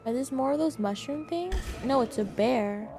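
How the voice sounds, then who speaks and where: Young woman gamer chatting to stream chat, high voice, lots of giggles, faint game music. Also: lively intonation, moderate pace, gravelly, warm tone.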